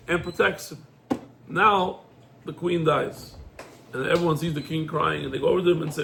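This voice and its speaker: A male rabbi a high voice and a gravelly edge, teaching an animated Torah class. He speaks laced phrases and acts out each exchange as a storyteller would. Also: brisk, slight background noise. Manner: animated storyteller, acts out dialogue, rhetorical questions. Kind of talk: lively Torah class, mixing English with Hebrew quotes.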